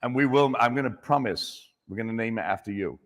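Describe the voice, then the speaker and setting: A man working as a chef, joking with and encouraging audience members in a casual, animated way. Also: mid-range voice, a little fast. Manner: jokey and encouraging, with restarts. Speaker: chef answering audience questions. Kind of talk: casual, animated conversational talk. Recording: echoey hall.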